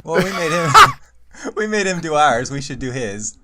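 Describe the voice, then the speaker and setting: A man's voice: on the high side, very animated, moderate pace, very noisy. A man in casual podcast chat, joking and teasing.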